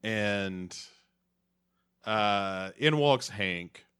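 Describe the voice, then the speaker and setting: Slow, low-voiced man chatting. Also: a bit bright, smooth. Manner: laid-back, drawn-out recaps with playful silly voices. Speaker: podcast co-host. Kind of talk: casual chat.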